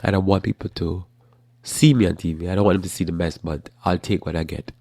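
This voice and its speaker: A man hosting a casual religious talk show about current events, rambling with restarts in a flat, matter-of-fact way. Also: sits low, fast, gravelly. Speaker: host.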